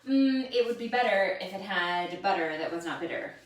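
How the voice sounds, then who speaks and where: A woman's voice: medium pitch, animated, normal speed. A woman co-hosting a casual home cooking video, playful and giggly, fond of wordplay. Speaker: cooking show co-host. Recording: echoey room, distant mic, faint noise.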